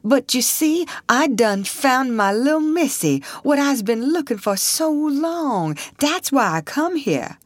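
A woman's voice: high-pitched, animated, takes it slowly, hardly any pauses, no echo, voice pushed up, exaggerated voice. A woman doing a humble, bowing old man. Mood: humble, eager. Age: over 60. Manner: rustic dialect speech, eager and pleading. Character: confused elderly male servant, humble and bowing. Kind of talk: audiobook character reading.

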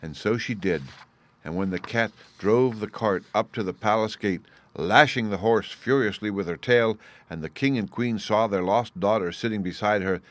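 A man reading a fairy tale aloud as narrator, measured and expressive. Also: fairly low pitch, no echo. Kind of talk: storybook reading.

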